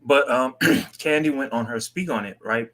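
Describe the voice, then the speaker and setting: A man's voice: mid-range voice, normal speed, pushed and bright. A man in a casual reality-TV recap chat, explaining things step by step while eating.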